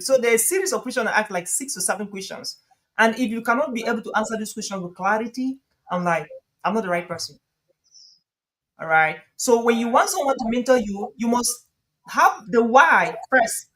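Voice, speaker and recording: Animated man giving advice. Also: high-pitched, moderate pace, rough recording. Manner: lively, laughs often, repeats phrases for emphasis. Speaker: guest speaker coach. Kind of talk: conversational advice on a live stream.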